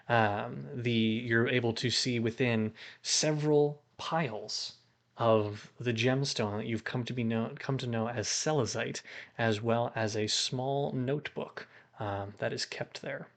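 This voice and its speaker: A man narrating as game master of a streamed tabletop game, unhurried and hesitant, pausing on fillers as he describes scenes. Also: mid-range voice.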